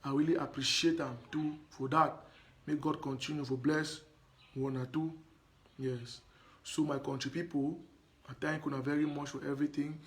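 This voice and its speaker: A man's voice: on the high side, flat delivery, normal speed, fairly bright tone. A man from Anglophone Cameroon with a Cameroonian Pidgin accent, talking to his viewers in a live stream monologue, emphatic and repetitive, often pleading with them. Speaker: live broadcaster.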